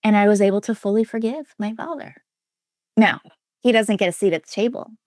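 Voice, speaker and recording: A woman's voice: medium pitch, a little fast, dry recording, studio quality. Earnest woman sharing a raw personal story. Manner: earnest and emphatic, with frequent restarts and quoted inner voices; drops to a soft, near-whispered tone at heavy moments. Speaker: interview guest, relationship coach.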